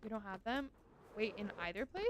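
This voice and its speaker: A woman's voice: medium pitch, a little fast, a little hiss or hum. A woman streaming a game, chatting casually with her viewers and gushing over cute animals.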